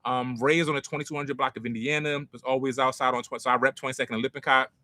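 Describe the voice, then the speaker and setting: A man's voice: mid-range voice, little pitch movement, fast talker, pushed and bright, no room sound. A young man from North Philadelphia with a Philadelphia accent, telling stories in a casual, self-mocking way with street slang as a podcast host. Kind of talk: casual storytelling to a live chat.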